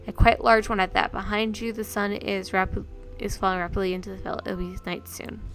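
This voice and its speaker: A woman's voice: mid-range voice, vocal fry, fairly bright tone. A woman streamer narrating a gamebook in second person, reading aloud with small slips and self-corrections.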